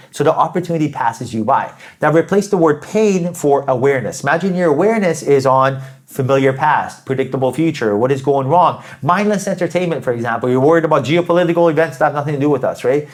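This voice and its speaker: A man's voice: fairly high pitch, lively intonation, quick pace. A man giving a spiritual tarot reading, upbeat and emphatic, often tagging his points with "right?" and repeating phrases. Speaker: tarot reader.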